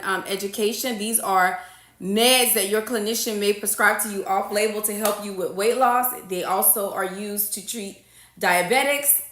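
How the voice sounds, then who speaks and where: Chatting with viewers on a casual phone or webcam livestream, a woman who works as a registered nurse reads comments aloud, answers them, and restates her points. She speaks at medium pitch in a pushed, bright voice that echoes in the room.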